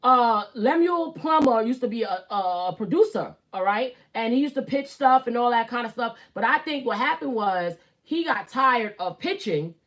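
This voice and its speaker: A woman in her thirties from Brooklyn, New York, hosts a casual YouTube live stream, speaking bluntly with swearing and emphatic repeats. Her slightly bright, high-leaning voice is animated, at normal speed with barely any pauses, and carries a Brooklyn accent.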